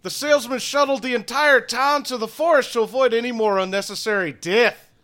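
A man's voice: very high-pitched, fairly quick, sharp tone, voice pushed up. A man voicing a stern, pragmatic henchman.

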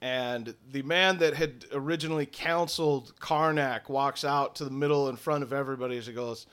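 A man's voice: medium pitch, steady tone, normal speed, a bit bright, clean tone. A man narrating a tabletop game as game master, loose, profane and playful.

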